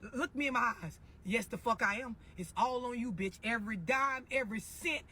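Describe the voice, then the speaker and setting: A woman's voice: fairly high pitch, brisk, pushed and bright, a little hiss or hum. A middle-aged woman delivering a blunt, profane, mocking rant as an online commentator. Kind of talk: profane ranting monologue.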